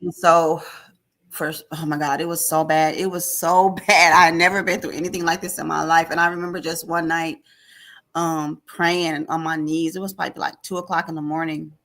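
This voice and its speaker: A woman with a lowish voice shares a heartfelt personal testimony in an interview. She tells it in lively storytelling, acting out what others said to her. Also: moderate pace. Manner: animated storyteller, acts out quoted dialogue. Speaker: podcast guest.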